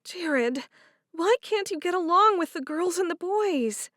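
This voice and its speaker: A woman's voice: very high voice, expressive, a little slow, a bit bright, dry recording, studio quality, pitched above the performer's own voice, heavily acted. A woman voicing a young mother questioning her misbehaving child. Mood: concerned.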